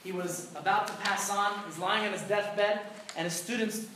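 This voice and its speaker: A man's voice: high voice, fairly even intonation, normal speed, sharp tone, a little hiss or hum. A rabbi teaching a conversational Torah class, putting rhetorical questions to his listeners and telling jokes. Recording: very echoey room, mic far off.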